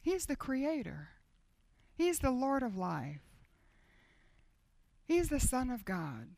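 A woman preaching a sermon with intense feeling, swinging between loud urging and hushed, almost whispered lines. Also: sits high, big pitch swings, slow pace, creaky, no room sound. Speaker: speaker at a Christian women's gathering.

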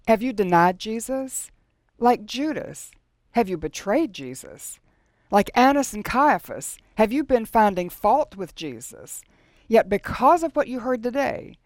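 A woman's voice: mid-range voice, no echo, studio quality. A woman preacher giving a closing word in a solemn, emphatic appeal. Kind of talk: sermon.

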